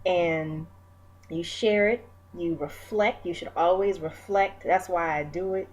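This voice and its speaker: A woman in her forties speaking in a fairly low voice, candid and encouraging as she reflects on her own life. She talks directly to her viewers, with plenty of fillers and friendly asides. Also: unhurried, poor audio. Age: 40s. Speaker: vlogger. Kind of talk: reflective personal talk.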